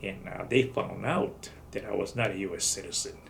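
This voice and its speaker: A man's voice: sits low, moderate pace, creaky, a bit bright, slight background noise. A man in his seventies, an army veteran giving an oral history interview, telling his story bluntly with salty language. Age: 70s. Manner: salty, blunt retelling with profanity.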